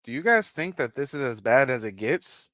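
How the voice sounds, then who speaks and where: A man's voice: medium pitch, sing-song, moderate pace, bright, forceful tone, no echo. A man hosting a reaction commentary stream. He talks in a theatrical, teasing way and keeps calling out to his viewers. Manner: theatrical, teasing, repeats "guys" and "Mike".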